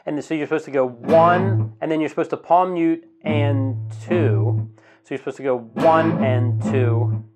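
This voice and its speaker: A man teaching a guitar strumming lesson in a relaxed, casual way, counting the beats slowly aloud. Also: fairly high pitch. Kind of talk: casual instructional talk. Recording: guitar playing in the background.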